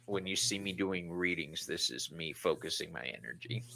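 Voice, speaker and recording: A man hosting a casual chat, candid and quick to laugh, swearing casually as he talks. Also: deep voice, creaky, bright, forceful tone. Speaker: host.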